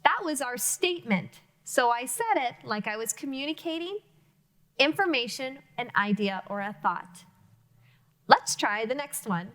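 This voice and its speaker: A woman teacher with a high, lively voice speaks slowly in a classroom-style video lesson teaching young children to read. She enunciates clearly and sounds encouraging.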